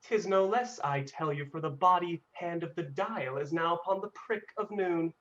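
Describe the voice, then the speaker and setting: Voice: medium pitch, normal speed, fairly bright tone, lightly acted. A performer playing a mocking, playful young man in a video-call reading, recorded with dull audio. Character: jesting, bawdy young man. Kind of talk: virtual staged reading.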